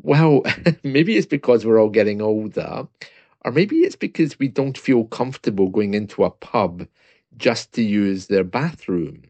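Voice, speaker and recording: A man's voice: lowish voice, lively intonation, measured pace, darkish tone, dry recording. A British man talking casually and reading a news report aloud, chatty and self-mocking, with asides and small laughs. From Britain.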